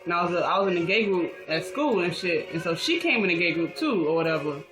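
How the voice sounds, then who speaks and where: A woman's voice: fairly low pitch, expressive, fast, low-quality recording. A young woman casually telling a personal story in a rambling, slangy, profane way, full of fillers. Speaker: vlogger. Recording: music playing behind.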